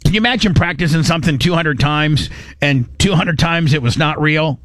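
A man's voice: fairly high pitch, moderate pace, a bit bright, no room sound, clean studio sound. Rambling, blunt male podcast host. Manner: rambling, with many restarts and repeated words; blunt and crude. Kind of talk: casual commentary.

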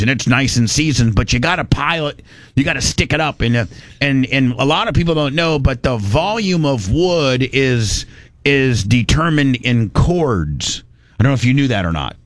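A man's voice: medium pitch, a bit bright, no room sound. A man from Indiana telling a rambling, folksy story in casual chat, slipping into voices for the people he quotes.

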